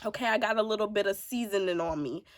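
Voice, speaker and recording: A woman's voice: mid-range voice, quick pace. Mom vlogger in her twenties, congested voice, frank talk straight to camera. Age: 20s. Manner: frank, sassy, talks straight to viewers. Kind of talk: casual sit-down advice vlog.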